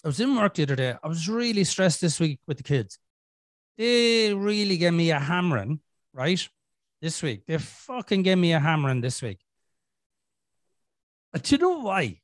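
A man's voice: on the high side, sing-song, moderate pace, pauses often, no echo, studio quality. A middle-aged Irish man hosting a podcast, telling a story in casual chat, swearing a lot and acting out his inner voices. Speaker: podcast host.

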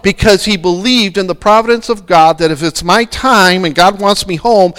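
High, lively preacher in an echoing hall. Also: male voice. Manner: dramatic, rhetorical questions. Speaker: pastor. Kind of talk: sermon.

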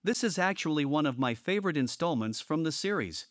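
A man's voice: fairly high pitch, animated, fairly quick, no room sound, clean studio sound, close to an everyday voice. A synthetic male voice playing a friendly young video store clerk who jokes crudely. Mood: chummy.

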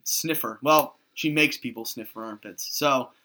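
Blunt, bright-voiced male podcast co-host. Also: medium pitch, measured pace. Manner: blunt, opinionated, frequent filler restarts. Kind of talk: casual chat.

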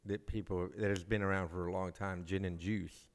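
A man's voice: sits low, fairly even intonation, fairly quick. A man hosting a podcast in a studio, upbeat and teasing in casual chat. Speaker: podcast host.

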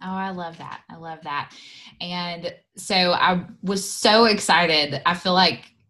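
A woman host leads a podcast interview and keeps affirming her guest before moving to the next question. Her voice sits low for a woman. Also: slow pace, pushed and bright. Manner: affirming and encouraging, often repeats praise. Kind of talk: interview hosting.

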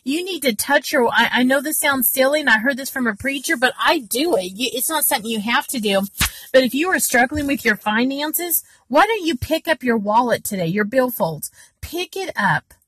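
A woman's voice: sits high, expressive, normal speed, a bit bright, husky. A woman giving an impassioned faith talk to her viewers, urgent and full of repeated rhetorical questions. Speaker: Christian vlogger giving spiritual encouragement.

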